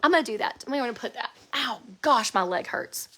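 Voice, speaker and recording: A woman's voice: fairly high pitch, lively intonation, brisk, sharp tone. An American woman in her thirties, an author chatting casually on a phone live stream, giggly and reading out viewer comments, her voice strained from an old vocal injury. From United States. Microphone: phone live video.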